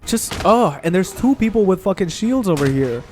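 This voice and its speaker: A young man casually commentating his gameplay, excitable and profane, trash-talking enemies on screen. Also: high-pitched, normal speed, slight background noise. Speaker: gaming channel host.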